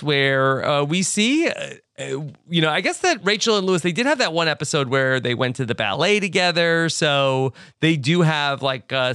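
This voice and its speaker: A man's voice: on the high side, clear, resonant tone, no echo, studio quality. A man hosting a podcast, steadily leading a casual recap of a TV episode and reading listener feedback. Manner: steady, leads the talk, reads out listener feedback. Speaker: podcast host.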